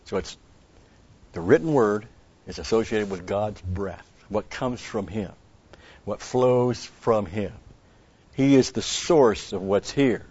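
Guy with a lowish voice teaching bible verses, rambly, dull lo-fi sound. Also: takes it slowly, a little mellow, husky. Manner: rambling with restarts, stressing key words. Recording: dull lo-fi recording.

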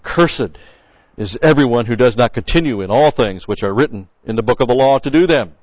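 A man's voice: mid-range voice, animated, a little fast, no room sound. Emphatic man teaching a sermon. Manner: emphatic, repeats key words for stress; explains original-language grammar. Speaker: Bible teacher. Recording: dull, dry lo-fi recording.

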